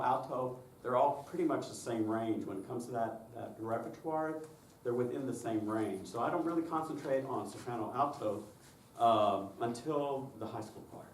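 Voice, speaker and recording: Man lecturing on choir recruiting, roomy distant sound. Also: mid-range voice. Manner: explanatory, checks in with "okay?". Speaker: choir director presenting a workshop. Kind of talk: conference lecture with demonstrations. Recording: roomy and distant with faint noise.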